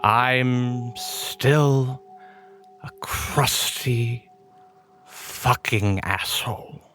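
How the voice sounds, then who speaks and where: A man's voice: mid-range voice, extremely slow, fairly bright tone, soft background music. A man doing a crusty old professor. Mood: gruff. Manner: gruff, grumbling, swears freely. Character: crusty dying old male professor, gruff and sardonic.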